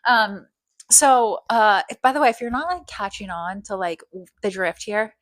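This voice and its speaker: A woman's voice: mid-range voice, expressive, normal speed, fairly bright tone, no echo. A woman casually telling a story, rambling with constant fillers and swearing. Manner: rambling, heavy filler "like", profane.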